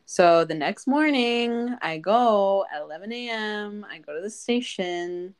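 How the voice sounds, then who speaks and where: A woman's voice: mid-range voice, expressive, measured pace, smooth. A young woman hosting a podcast, telling a story in casual chat, full of fillers and laughs. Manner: chatty storyteller, lots of "like" and laughs. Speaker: podcast host.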